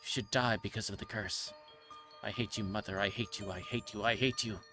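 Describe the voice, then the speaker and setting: A man's voice: lowish voice, steady tone, fairly quick, sharp tone, faint music behind. A man reading as a delirious, guilt-ridden young girl. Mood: anguished. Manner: repetitive, anguished, occasional stumbles over words. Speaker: streamer reading a visual novel aloud. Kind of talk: dramatic reading of game text.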